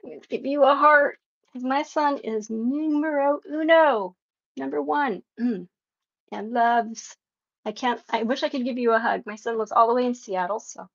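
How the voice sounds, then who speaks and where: Slow, gravelly woman chatting while painting. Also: a little high, dull audio. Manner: warm, emotional, laughs often, reads chat aloud. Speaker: livestream painting host. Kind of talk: casual live painting chat with viewers.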